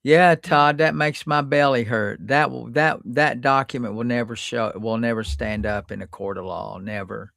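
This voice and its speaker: A man's voice: mid-range voice, normal speed, vocal fry, few pauses, fairly bright tone, no echo, studio quality. A man hosting a live-stream legal Q&A, blunt and emphatic, repeating words for stress. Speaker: host.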